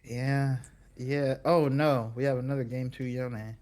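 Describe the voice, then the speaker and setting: A man's voice: mid-range voice, steady tone, unhurried, darkish tone. A man co-casting a live esports match, trading dry jokes and thinking aloud about team picks. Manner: dry, joking asides. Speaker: esports co-caster. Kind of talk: esports commentary.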